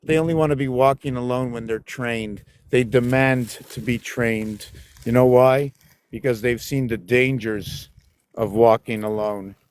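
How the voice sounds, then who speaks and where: A man's voice: medium pitch, fairly even intonation, unhurried, clear, resonant tone. A man vlogging outdoors while walking his dogs in a park, rambling and musing aloud and scolding the dogs in exasperation, recorded on a handheld camera.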